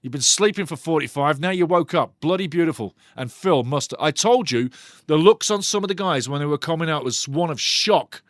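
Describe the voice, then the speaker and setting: Excitable, sweary football watch-along host. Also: male voice, fairly high pitch, moderate pace, no echo, clean studio sound. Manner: excitable, swears freely, banters with chat. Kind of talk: live passionate football commentary.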